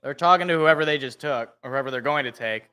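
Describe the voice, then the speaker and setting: A man's voice: medium pitch, fast, sharp tone, clear, resonant tone. A young man hosting a live reaction stream, chatting casually and thinking aloud as he reacts, chuckling to himself now and then.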